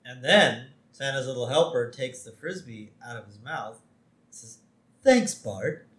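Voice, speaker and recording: A man's voice: mid-range voice, moderate pace, pushed and bright, roomy sound. A man co-hosting a podcast, casually and easily recapping a cartoon episode. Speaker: podcast co-host.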